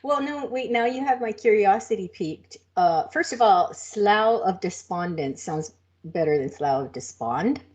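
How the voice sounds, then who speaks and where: A woman's voice: medium pitch, lively intonation, a little slow, darkish tone. Chatty woman podcast co-host. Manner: chatty, laughs easily, rambling stories. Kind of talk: casual chat.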